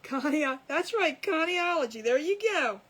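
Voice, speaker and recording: Her voice sits high and a bit bright, animated yet a little slow. The crafting livestream host talks casually with viewers while she works, frequently laughing at her own jokes, captured by a camera above the crafting table in poor audio.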